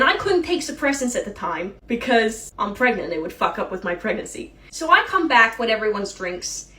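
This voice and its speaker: A woman's voice: medium pitch, moderate pace, few pauses, reverberant, recorded from a distance. A woman telling a comedic story casually, swearing often and acting out the other people's voices. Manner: swearing, animated, mimics voices in anecdotes. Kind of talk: casual storytelling with lip-sync clips.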